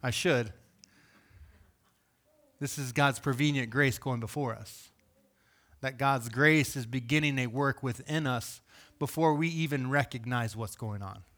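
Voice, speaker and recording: A male pastor delivering a sermon in an animated, conversational preaching manner. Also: mid-range voice, unhurried, long pauses.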